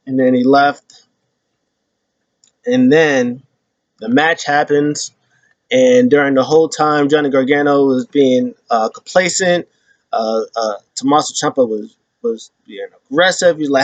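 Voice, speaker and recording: A man hosting a casual wrestling recap, retelling events in an animated way and acting out the quotes. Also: mid-range voice, measured pace, no echo. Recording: dull lo-fi sound.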